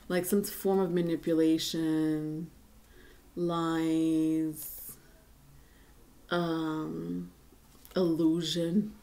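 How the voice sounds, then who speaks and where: A woman's voice: lowish voice, mellow. A woman giving a casual tarot reading to viewers, rambling and chatty with many fillers and restarts. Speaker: tarot reader.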